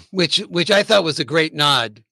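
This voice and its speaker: Bright-voiced man leading a chat. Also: fairly high pitch, animated, a little slow, vocal fry, husky, no echo. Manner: steers the talk along. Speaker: podcast host. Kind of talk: casual chat.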